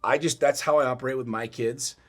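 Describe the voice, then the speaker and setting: A middle-aged man co-hosting a podcast, telling a story in a blunt, profane, animated way. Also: medium pitch, brisk. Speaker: podcast co-host. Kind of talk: casual chat.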